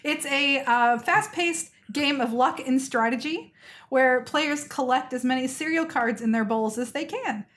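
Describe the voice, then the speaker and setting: A woman's voice: sits high, measured pace, a bit bright. A woman co-hosting a casual chat, enthusiastic and teasing. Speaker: co-host.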